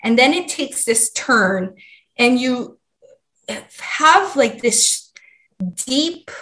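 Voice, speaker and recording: A woman's voice: sits high, expressive, drawn-out words, fairly bright tone. A woman from Hawaii, a podcast guest, telling a personal story in an earnest, heartfelt way.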